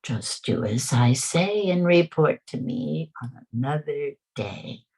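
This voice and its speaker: A woman voicing a patient, wise old male rabbi who gives firm advice in a lowered, gravelly voice. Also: expressive, takes it slowly, warm tone, heavily acted. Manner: patient and authoritative. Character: calm wise old village rabbi, a man.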